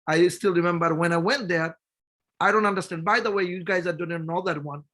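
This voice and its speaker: Bangladeshi guy, high voice, pumped-up motivational story on a group call. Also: brisk. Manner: storytelling, animated and persuasive, talking to the listeners directly. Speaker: company executive speaking on a group call.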